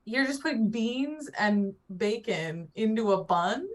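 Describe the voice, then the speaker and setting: A woman's voice: a little high, expressive, unhurried, recorded from a distance. A woman guest on a comedy talk show, asking curious, playful questions. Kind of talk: improv comedy chat.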